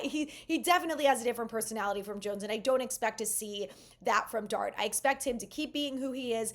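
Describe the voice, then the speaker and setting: A young woman hosting a sports channel, giving casual, enthusiastic fan commentary. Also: fairly high pitch. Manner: enthusiastic, animated fan talk.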